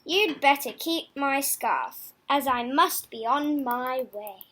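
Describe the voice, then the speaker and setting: A woman voicing a generous male duck who calmly gives away his scarf. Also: sits high, slow pace, a little hiss or hum, exaggerated voice. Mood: kindly.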